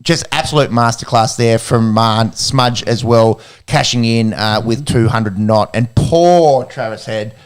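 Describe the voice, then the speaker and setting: A man's voice: mid-range voice, a little slow, hardly any pauses, clear, resonant tone. A man with an Australian accent, co-hosting a casual sports podcast in a jokey, rambling way. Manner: jokey, rambling, lots of fillers. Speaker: podcast co-host.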